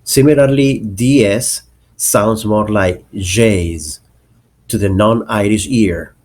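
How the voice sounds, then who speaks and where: Guy teaching english accents, real slow, kinda low voice, careful about each word. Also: darkish tone. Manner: slow, deliberate, spells out example words. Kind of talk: explanatory lesson narration.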